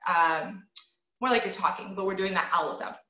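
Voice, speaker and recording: A woman with a bright, forceful mid-range voice speaks at normal speed while teaching a group voice lesson online. Encouraging and demonstrative, she models owl hoots and bird sounds as she explains to her students. Sound comes through echoey, dull and lo-fi, like a call.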